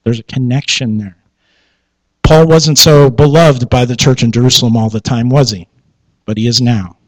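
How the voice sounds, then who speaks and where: A man's voice: medium pitch, fairly even intonation, normal speed, dry recording, rough recording. A man, a pastor, preaching a sermon in a conversational way, asking rhetorical questions and laughing at his own asides.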